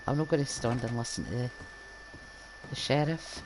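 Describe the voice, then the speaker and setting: A woman's voice: very deep voice, expressive, moderate pace, noisy background. An older woman from Scotland with a Scottish accent, giving chatty, wry commentary while she plays a game. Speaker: gaming YouTuber. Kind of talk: casual gameplay commentary.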